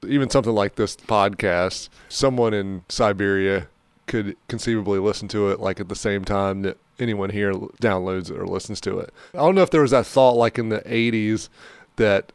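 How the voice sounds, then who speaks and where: A man co-hosting a podcast, playfully chiming in with quick reactions and asides. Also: on the low side, clear, resonant tone, dry recording. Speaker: podcast co-host. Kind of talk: casual chat.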